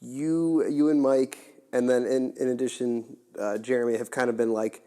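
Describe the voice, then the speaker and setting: A man's voice: mid-range voice, steady tone, moderate pace, mellow, clean tone. A young man hosting a casual podcast chat, rambling with lots of fillers and restarts. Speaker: podcast host.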